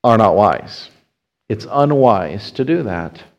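A man's voice: on the low side, expressive, slow, dull audio. A man preaching in a church, talking in a conversational way, restarting phrases often as he explains. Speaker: pastor. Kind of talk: sermon.

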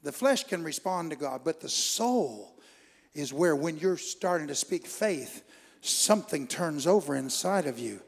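A man preaching a fervent Pentecostal sermon, moving from storytelling into loud exclamations and speaking in tongues. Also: a little high, expressive, measured pace, vocal fry. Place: church hall. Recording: long reverb in a hall.

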